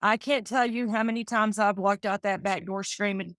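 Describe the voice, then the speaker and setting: A woman's voice: mid-range voice, steady tone, moderate pace, a bit bright, dry recording, studio quality. A woman in her fifties, a real estate agent, telling a personal story in an interview and acting out the conversations she remembers. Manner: heartfelt, acts out remembered dialogue.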